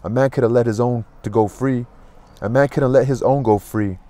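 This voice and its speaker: A man's voice: medium pitch, fairly even intonation, moderate pace, mellow, natural voice. A man reading aloud, voicing a weary, stern, gaunt middle-aged man who speaks in a subdued, tired way.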